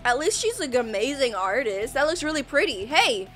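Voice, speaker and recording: Excitable high-voiced woman reacting. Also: soft background music. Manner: excitable, gasping and crying out at twists; mocks characters in quick voiced asides. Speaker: reaction video host. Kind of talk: animation reaction commentary.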